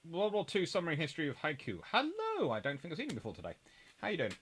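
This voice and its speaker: A man's voice: a little high, very animated, very fast, a bit bright, breathy edge. Chatty man hosting. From England. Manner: rambling and conversational, reads out viewer comments. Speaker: host. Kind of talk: live-stream chat.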